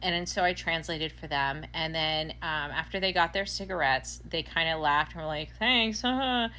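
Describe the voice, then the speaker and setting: A woman retelling an encounter to camera with animated exasperation. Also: low-pitched, moderate pace. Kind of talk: casual storytime to camera.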